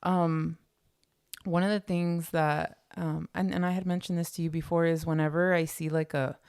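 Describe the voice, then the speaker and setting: Gravelly, earnest woman guest. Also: lowish voice, little pitch movement, normal speed, a little mellow, no room sound, clean studio sound. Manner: earnest, emotional, quotes others in little voices. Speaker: podcast guest. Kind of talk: candid personal conversation.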